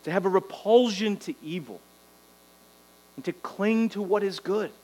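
A man's voice: high-pitched, a little slow, darkish tone, rough recording. A man preaching a sermon, exhorting the congregation and tagging lines with "right?". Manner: exhorting, rhetorical "right?" tags. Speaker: pastor.

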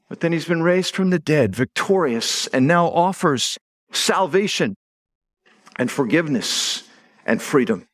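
Slightly high-voiced middle-aged male pastor. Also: expressive, unhurried, fairly bright tone. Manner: conversational storytelling with stressed words. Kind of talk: sermon.

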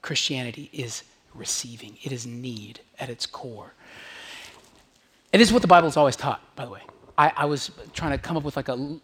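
A man, a pastor, preaching a sermon to his church congregation in a conversational, emphatic way, sometimes dropping to a hush. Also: medium pitch, fairly quick, slightly rough. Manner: conversational, emphatic, drops to hushed whispers on key lines.

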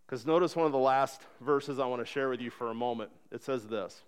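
The sermon comes from a man in his thirties, a pastor whose clear, resonant voice sits at medium pitch and moves fairly quickly. His delivery is sincere and chatty, and he performs voices for the people in his stories.

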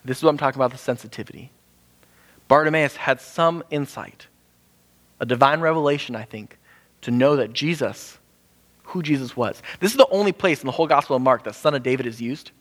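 A man preaching a casual, animated sermon, acting out the people in his story with jumps in pitch. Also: fairly quick. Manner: animated, acts out quoted voices with sudden pitch jumps. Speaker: pastor. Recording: hall with long reverb.

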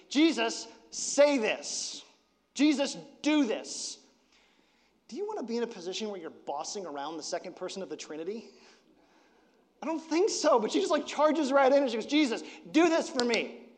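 A pastor delivers a sermon in a loose, conversational style. His fairly high voice leaps in pitch and force whenever he acts out quoted lines, ringing through a church sanctuary with a long reverb tail.

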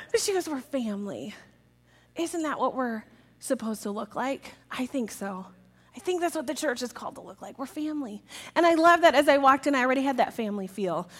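A woman giving a jokey, lively talk to a church audience about children's ministry, acting out quotes in a raised voice. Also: high voice, fairly quick.

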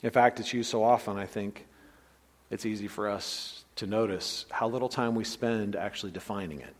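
A man's voice: fairly low pitch, normal speed, big-room sound. A man preaching an expository sermon in a conversational teaching way, often checking in with "right?" and restarting his sentences. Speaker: pastor.

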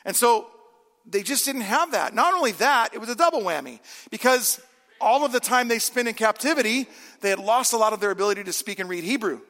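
Male pastor, forties, high gravelly voice, casual joking sermon, long church-hall reverb. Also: animated, fairly quick, bright, forceful tone. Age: 40s. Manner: conversational, self-deprecating humor. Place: church sanctuary.

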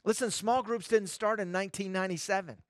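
A man's voice: high voice, quick pace, dry recording, studio quality. A male pastor preaching a sermon, emphatic and repeating phrases for stress.

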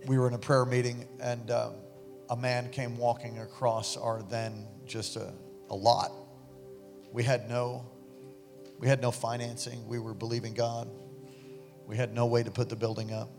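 A male pastor tells a story from the pulpit, animated and given to loud outbursts. His voice has a gravelly edge at a middle pitch. It rings out in a large church hall over clear instrumental music. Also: moderate pace. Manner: animated, bursts into loud exclamations. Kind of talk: sermon storytelling during an offering.

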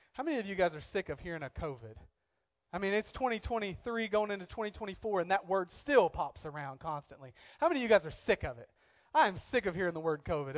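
Young male preacher, slightly high-pitched, animated storyteller who shifts between loud bursts and hushed reflection. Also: dry recording. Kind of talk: sermon with personal story.

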